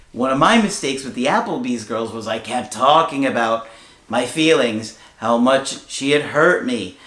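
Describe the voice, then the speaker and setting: A man's voice: on the high side, a bit bright. A man giving relationship advice in a casual, conversational way, telling stories with fillers as he goes. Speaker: relationship coach. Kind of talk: casual advice talk to camera. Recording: roomy echo.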